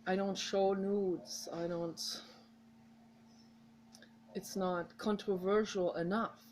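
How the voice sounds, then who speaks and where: A woman's voice: mid-range voice, level tone, slow, darkish tone, a little hiss or hum, rough recording. A woman with a mother tongue, talking straight to her viewers in a rambling, heartfelt, encouraging way. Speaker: vlogger. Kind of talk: casual direct-to-camera monologue.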